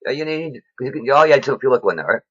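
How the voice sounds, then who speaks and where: A man giving a rambling, excitable monologue about his faith, talking straight to his viewers. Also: medium pitch, rapid-fire, husky. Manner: rambling, excitable, many fillers. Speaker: vlogger. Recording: dull lo-fi recording.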